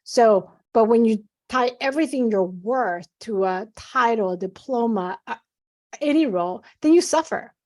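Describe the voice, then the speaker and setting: A woman's voice: a little high, lively intonation, moderate pace, a little mellow. A middle-aged woman, a physician guest, speaking earnestly and animatedly in a conversational interview.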